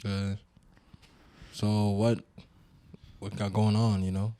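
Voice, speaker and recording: Young male co-host, low and mellow, deadpan teasing with quiet mumbled asides. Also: takes it slowly, clean tone. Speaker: podcast co-host. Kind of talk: casual chat.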